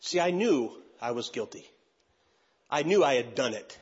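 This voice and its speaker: An older male pastor's sermon features a personal story told with animation, complete with acted-out voices of the people involved. The voice is mid-range and breathy at a moderate pace, and the highs are cut off.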